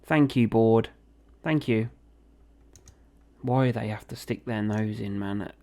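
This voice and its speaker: A man's voice: on the low side, slow pace, dark tone. Chatty young man. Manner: chatty, reacting aloud as he plays. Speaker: gaming video host. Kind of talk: casual game commentary.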